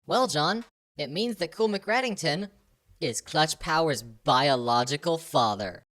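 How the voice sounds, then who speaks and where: A woman's voice: deep voice, lively intonation, a little slow, fairly bright tone. A woman voicing a rambling, overdramatic male German film director in a comedy podcast sketch. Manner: overdramatic, long-winded storyteller.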